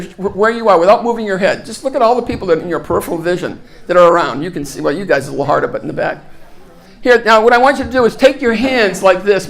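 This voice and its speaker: High, gravelly man leading a live talk. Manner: energetic, instructive, repeats phrases. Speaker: speaker leading an audience exercise.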